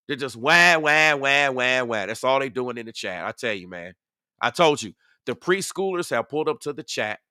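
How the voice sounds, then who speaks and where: A man's voice: a little high, pushed and bright, no room sound, studio quality. Emphatic man addressing a live chat. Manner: emphatic, repetitive, talking back to chat. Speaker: live stream host. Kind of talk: casual live-stream commentary.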